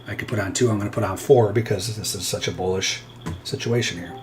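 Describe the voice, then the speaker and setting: Casting: male pro trader, lowish voice, candid and digressive, thinking aloud over charts. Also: quick pace, a little hiss or hum. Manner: rambling, self-interrupting, candid. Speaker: futures trader. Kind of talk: live trading commentary.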